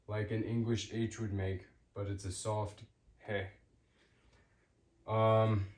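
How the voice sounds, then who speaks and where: A man giving an unscripted language lesson, pausing often with ums and restarting his sentences. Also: mid-range voice, a little mellow, reverberant, slight background noise. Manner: hesitant, with many ums and restarts. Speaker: language teacher.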